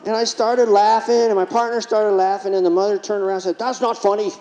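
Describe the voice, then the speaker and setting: A man's voice: sits high, little pitch movement, fast, warm tone. A man delivering a keynote speech at a conference, telling funny anecdotes and asking the audience rhetorical questions. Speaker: keynote speaker. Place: large conference hall. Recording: distant, dull hall reverb.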